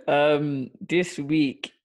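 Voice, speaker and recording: A man's voice: a little high, huge pitch swings, extremely slow, a little mellow. A man co-hosting a music show in casual chat, laughing easily and hesitating with frequent ums as he presents songs. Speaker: radio show co-host.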